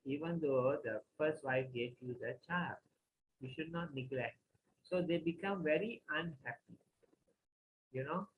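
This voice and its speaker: A man's voice: on the high side, narrow, tinny audio, a little hiss or hum. A man teaching a lesson, telling a story plainly with many repeats and restarts.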